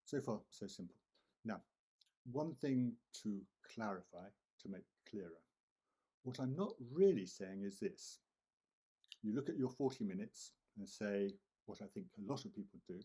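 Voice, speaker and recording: A man teaching IELTS essay writing, speaking deliberately and repeating key words for emphasis. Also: fairly low pitch, dark tone, slightly rough. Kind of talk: instructional talk to camera.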